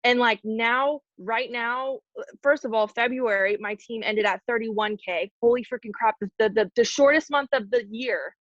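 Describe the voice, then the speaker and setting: A woman's voice: on the high side, a little slow, dry recording, dull audio. A woman leading her team, giving a candid, emotional motivational talk on a video call, casual with lots of "like". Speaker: team leader speaking to her team.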